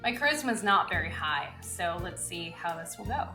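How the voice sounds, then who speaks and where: A woman's voice: on the low side, expressive, normal speed, pushed and bright, roomy sound, faint music behind. A woman playing a tabletop game, joking and playful as she talks through her choices. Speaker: player.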